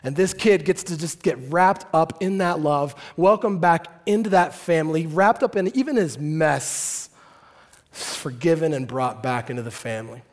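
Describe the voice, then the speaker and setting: High-voiced playful preacher. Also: male voice, normal speed. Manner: playful, acts out the story. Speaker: pastor. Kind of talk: sermon.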